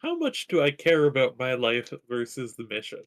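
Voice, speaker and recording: A man playing a tabletop role-playing game, speaking slowly and quietly in casual play. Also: medium pitch, wildly swooping pitch. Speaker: player.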